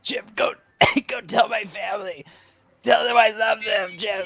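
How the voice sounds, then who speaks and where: A man's voice: sits high, steady tone, gravelly, a bit bright, lo-fi sound, soft background music, pitched above the performer's own voice, heavily acted. A man voicing a weak, pleading ghost of a dying male adventurer, stammering and coughing. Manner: halting, coughing, stammering whispery pleas.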